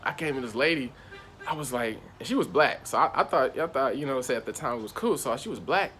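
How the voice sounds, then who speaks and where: A man's voice: mid-range voice, expressive, fast talker, fairly bright tone, a little hiss or hum. A young man casually telling a personal story in slangy, rambling speech. He circles back on himself and keeps repeating "I was like.". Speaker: channel host.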